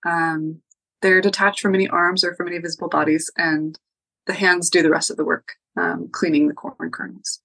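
A woman's voice: on the low side, moderate pace, vocal fry, no room sound, poor audio. Woman telling a folktale, dry sound. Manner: relaxed, frequent ums and likes. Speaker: podcast guest storyteller. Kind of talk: casual oral storytelling.

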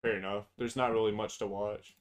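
A man's voice: lowish voice, little pitch movement, a little fast. A man co-hosting a casual chat, blunt and profane, opinionated and prone to long tangents. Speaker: podcast co-host.

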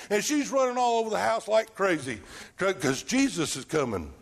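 High-voiced, animated male preacher. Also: moderate pace, gravelly. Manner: animated, swings from shouting to near-whisper, folksy. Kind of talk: sermon.

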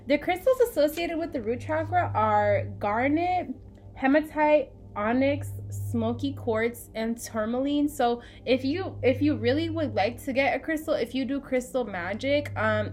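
Brief: woman co-host of a spiritual podcast, slightly high-pitched, casual and chatty with lots of ums. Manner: chatty, frequent ums, addresses listeners as "you guys".

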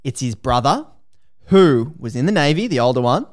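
An Australian man hosting a podcast, retelling a story in a casual, lively, slangy way. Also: mid-range voice, normal speed. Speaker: podcast host.

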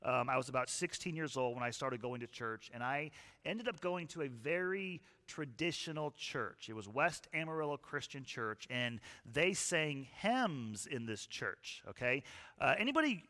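A man preaching a sermon to a live church audience in a relaxed, conversational way, often putting questions to the crowd. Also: mid-range voice, normal speed. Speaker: pastor. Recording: long hall reverb.

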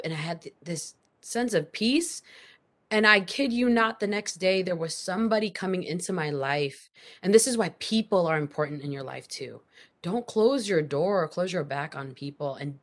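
A woman guest on a podcast, telling a personal story in an animated, emphatic way. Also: deep voice. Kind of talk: casual storytelling interview.

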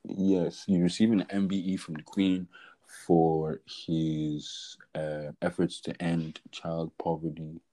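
A man's voice: low voice, little pitch movement, takes it slowly, mellow, poor audio. A young man, co-hosting a podcast and telling a rambling story full of slang and fillers. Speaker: podcast co-host. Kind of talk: casual chat.

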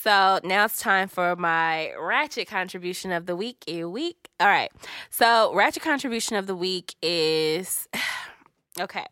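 A woman's voice: fairly low pitch, a little slow, bright, forceful tone, no echo, studio quality. A woman co-hosting a podcast, talking in a blunt, profane, casual ranting way, full of "like". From United States. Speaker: podcast co-host. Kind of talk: casual chat.

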